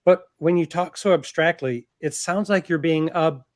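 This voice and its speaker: Author voicing a sharp, troubled teen boy, blunt and pleading. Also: on the high side, normal speed, natural voice. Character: smart, anxious fourteen-year-old boy artist.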